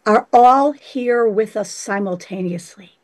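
A woman's voice: on the high side, measured pace. A woman explaining dreams in a flowing, spiritual way, using terms like hypnagogic and sacred space. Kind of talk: reflective explanation.

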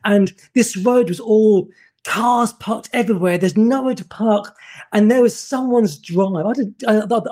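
Man, 50s, storyteller; mellow, husky, tumbles over repeated words. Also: sits high, unhurried. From England. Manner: animated, stumbles and repeats words, acts out voices. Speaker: guest photographer. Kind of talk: anecdotal storytelling.

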